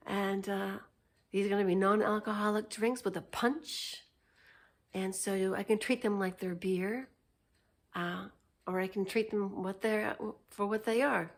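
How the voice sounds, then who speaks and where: A woman's voice: mid-range voice, takes it slowly, pauses often. A woman telling a story in an unscripted casual vlog, chatty and meandering, laughing often. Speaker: vlogger.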